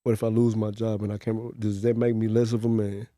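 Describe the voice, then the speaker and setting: A man's voice: lowish voice, level tone, fairly quick, dark tone, dry recording. Male podcast guest. Playful and teasing, dry close mic. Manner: teasing, playful, short affirmations. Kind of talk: casual podcast chat.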